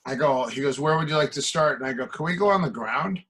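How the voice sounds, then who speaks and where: Speaking quickly in a medium-pitched, slightly rough voice with a bit of brightness, this middle-aged Midwestern martial arts coach swaps casual stories on a podcast. He acts out quoted conversations, and the recording is rough.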